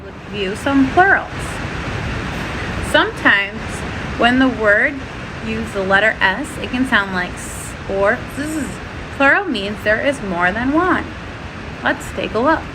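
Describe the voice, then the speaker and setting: A woman teaching a first-grade phonics lesson, sounding out letters and words slowly and clearly. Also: fairly high pitch, lively intonation, background noise.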